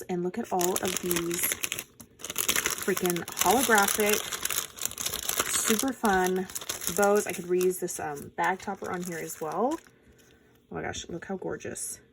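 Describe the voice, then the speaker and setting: Woman, crafting host, excitable, gushing, casual unboxing chat, faint background hiss. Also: medium pitch. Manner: gushing, excitable, lots of fillers.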